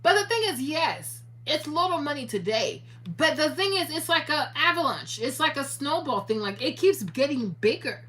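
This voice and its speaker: A young adult woman talking straight to her viewers in a casual, animated monologue, cursing freely and slipping into preachy advice. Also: high-pitched, moderate pace, few pauses. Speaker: YouTuber.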